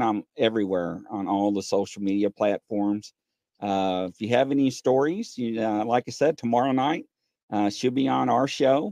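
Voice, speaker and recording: A man in casual chat as a guest, excitable and repetitive, getting loud when he retells a story. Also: mid-range voice, vocal fry, dry recording. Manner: excitable, repeats himself, shouts when retelling stories. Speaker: paranormal investigator guest.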